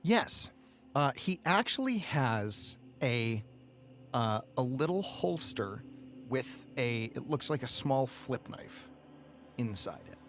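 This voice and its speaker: A man's voice: medium pitch, big pitch swings, takes it slowly, fairly bright tone, slight background noise. A man narrating a tabletop role-playing game as game master, in an amused manner.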